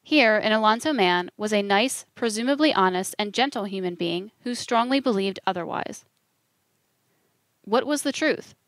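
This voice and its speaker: Woman reading a memoir-style audiobook, steady and earnest, mid pitch, dry sound. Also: no room sound. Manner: measured, earnest storytelling. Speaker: audiobook narrator. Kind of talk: scripted first-person narration.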